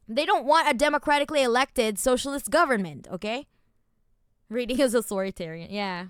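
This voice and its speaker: A woman streamer with a fairly high, smooth, crisp voice. She reads documents aloud in a low mutter, then breaks into loud, profane, angry rants. The sound is close and dry, with no room echo. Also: expressive, normal speed, pauses often. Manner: angry, profane, swings between muttered reading and loud ranting. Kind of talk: reacting to and reading out documents.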